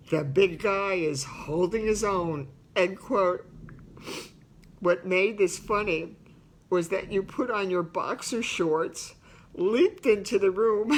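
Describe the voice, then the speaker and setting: An older woman reading aloud from her memoir and talking it over, reminiscing and breaking into laughter as she goes. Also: mid-range voice. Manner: slow, unhurried delivery. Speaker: author reading and discussing her book. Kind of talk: book reading mixed with personal talk.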